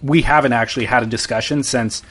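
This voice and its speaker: A man's voice: mid-range voice, fairly even intonation, quick pace, fairly bright tone. A man co-hosting a casual podcast chat, answering in a dry, matter-of-fact way. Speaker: podcast co-host.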